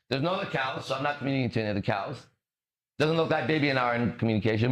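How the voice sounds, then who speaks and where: A male podcast host who speaks in an emphatic, preachy way in a mid-pitched voice. He swears freely and trips over words as the ideas come to him. His delivery stays casual. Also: rapid-fire. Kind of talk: motivational conversation.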